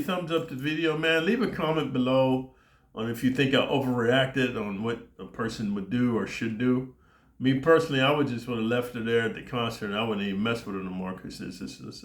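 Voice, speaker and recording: A man's voice: medium pitch, a bit bright. A middle-aged man telling a story in a brash, foul-mouthed rant for his channel, often dropping "man" and "dude". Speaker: YouTube storyteller. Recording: roomy echo.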